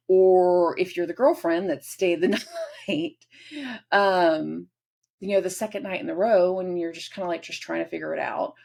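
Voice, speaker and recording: A woman with a fairly low, creaky, darkish voice hosts a casual astrology forecast. She rambles and acts out little everyday scenes in quick voices.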